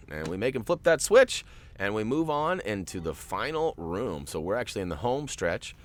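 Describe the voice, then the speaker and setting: A man's voice: low voice, big pitch swings, brisk. A man hosting a video game walkthrough, chatting casually and joking with viewers. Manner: jokey, chatty, talks to viewers. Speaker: gaming walkthrough host.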